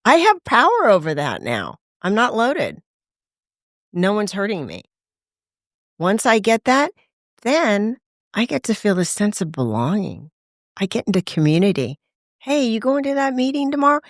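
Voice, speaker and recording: Animated woman telling her recovery story. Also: mid-range voice, a little slow, long pauses, dry recording, studio quality. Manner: animated, acts out quoted voices, laughs often. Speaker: podcast guest in recovery. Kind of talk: candid conversational storytelling.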